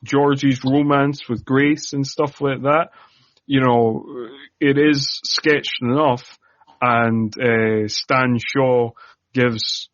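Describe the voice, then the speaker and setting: A man's voice: mid-range voice, no echo. Man on a muffled, dry podcast mic. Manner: sarcastic, acts out characters in mock voices. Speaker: podcast co-host. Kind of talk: casual film discussion.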